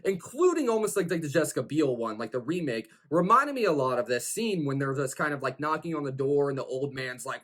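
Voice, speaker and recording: A man's voice: on the high side, lively intonation, a little fast, hardly any pauses, fairly bright tone. A man hosting a horror film review, recapping the plot in a casual, rambling way full of fillers like "like" and "you know".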